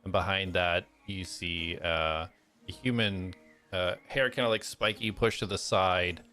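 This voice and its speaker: Man, game master, casual rambling narration, lowish voice, faint music. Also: steady tone, measured pace, bright, forceful tone. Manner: loose, filler-heavy narration.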